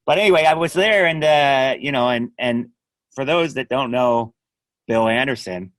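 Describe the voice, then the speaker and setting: A middle-aged man, a judo coach, chatting as a podcast guest and telling animated stories, often laughing and trailing off quietly. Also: medium pitch, normal speed, no room sound. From Canada. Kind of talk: casual podcast chat.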